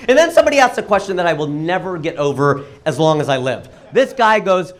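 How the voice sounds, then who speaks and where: Lively high-voiced male comedian. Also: fast. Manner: animated punchline delivery, acts out quoted voices. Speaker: stand-up comedian. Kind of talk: stand-up comedy set. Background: audience laughter.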